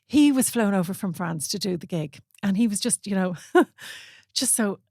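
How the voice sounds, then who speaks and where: A woman's voice: mid-range voice, expressive, moderate pace, gravelly, darkish tone, no room sound, studio quality. An Irish woman who hosts a podcast and works as a wedding photographer, chatty and teasing as she tells anecdotes. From Ireland. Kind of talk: casual chat.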